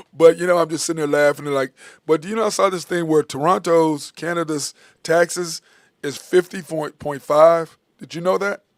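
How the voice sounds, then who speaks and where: A man hosting a casual sports talk show, animated and rambling, laughing often and filling his talk with "uh" and "I mean". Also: fairly high pitch, normal speed, no room sound, clean studio sound.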